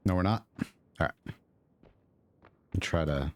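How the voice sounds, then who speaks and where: A gaming streamer with a low voice talks unhurriedly, leaving long pauses as he plays. He offers casual commentary, musing aloud with rambling mutters and asides, recorded on his own microphone at his desk.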